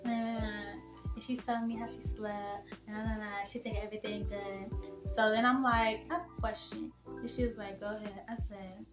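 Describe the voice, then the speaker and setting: A young woman in her teens telling a dramatic personal story as a vlogger, emphatic and animated, talking straight to her viewers. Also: mid-range voice, normal speed, reverberant, over music. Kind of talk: storytime vlog.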